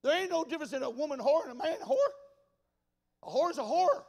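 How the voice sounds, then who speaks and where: A man preaching a folksy, emphatic sermon that builds to shouts in a large church. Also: very high voice, lively intonation, fast talker, gravelly, in a large hall. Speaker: pastor.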